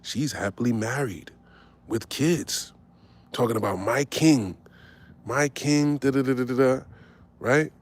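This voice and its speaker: A man's voice: medium pitch, a little slow, long pauses. Forties male host, casual profane storyteller, mid-range voice, keeps asking "right?". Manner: animated, swearing, tags lines with "right?".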